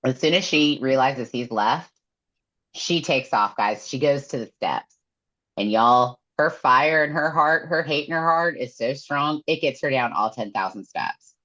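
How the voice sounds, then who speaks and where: A woman's voice: a bass voice, a little slow. A woman, recapping a novel in a casual podcast chat and acting out the characters' lines with animation. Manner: animated storyteller acting out quotes. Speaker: podcast co-host. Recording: dull lo-fi sound.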